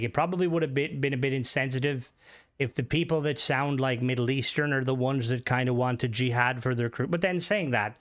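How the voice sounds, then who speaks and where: A man's voice: mid-range voice, fairly bright tone. A male game streamer chatting casually and profanely with his viewers while he plays. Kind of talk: casual live-stream chat.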